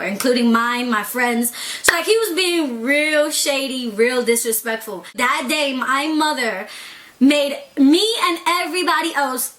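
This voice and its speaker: A young woman tells a storytime vlog with a high, bright voice. She is animated and salty, swearing freely and piling on filler as she barrels through the tale. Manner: animated, profane, laughing storyteller. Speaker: vlogger.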